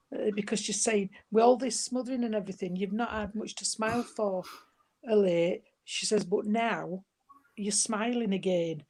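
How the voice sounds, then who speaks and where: A female medium with a mid-range voice gives a gentle, chatty spirit reading. She calls her listener sweetheart and darling.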